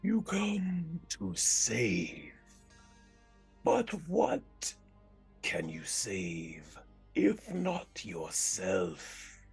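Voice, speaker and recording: A man voicing a faceless cloaked shadow creature that questions slowly and menacingly. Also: medium pitch, wildly swooping pitch, vocal fry, slightly rough, soft background music, full character voice. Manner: slow, drawn-out, interrogating.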